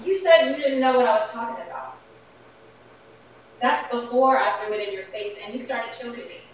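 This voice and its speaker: A woman's voice: a little high, normal speed, close to an everyday voice. A woman playing a defiant wife, echoey and distant. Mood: cold. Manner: cold, defiant and cutting. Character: wife confronting her cheating, abusive husband. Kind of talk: indie film drama. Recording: roomy echo, voice from a distance, faint music.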